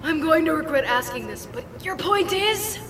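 A woman's voice: very high-pitched, lively intonation, moderate pace, fairly bright tone, far from the mic, slight background noise, full character voice. A woman playing an impatient, exasperated female villain commander in an audio drama.

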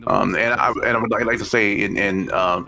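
A man's voice: lowish voice, fairly quick, vocal fry, faint music behind. A man guesting on a podcast as the writer, chatting casually with frequent stammering restarts. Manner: bright, animated, stammering restarts. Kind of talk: casual chat.

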